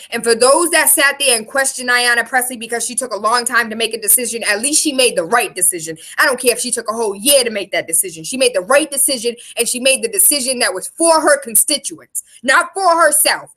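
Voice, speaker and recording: A woman's voice: on the high side, bright, forceful tone. A young woman delivering a fiery, emotional rant straight to her viewers, emphatic and profane as she speaks out as a local activist. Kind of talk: impassioned direct-to-camera rant.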